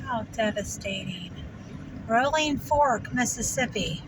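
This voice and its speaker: A woman narrating her drive in hushed, shocked exclamations from inside a car. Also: on the high side, slow, recorded from a distance. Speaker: vlogger. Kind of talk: driving commentary. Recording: clear road noise in car. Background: road and vehicle noise.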